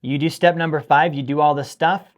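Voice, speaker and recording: Male host, slightly high voice, lecturing viewers on money, emphatic and scolding. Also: steady tone, fairly quick. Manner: emphatic, scolding, repeats points for stress. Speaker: finance show host. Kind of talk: direct-to-camera teaching monologue.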